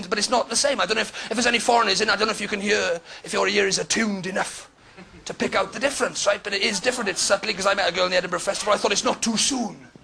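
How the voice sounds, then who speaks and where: Welsh stand-up comic, very high and raspy, working a live crowd. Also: male voice. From Wales. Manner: conversational, teasing the audience, sudden loud outbursts. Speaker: stand-up comedian. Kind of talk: stand-up comedy set. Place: comedy club stage before a live audience. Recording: noisy live club recording.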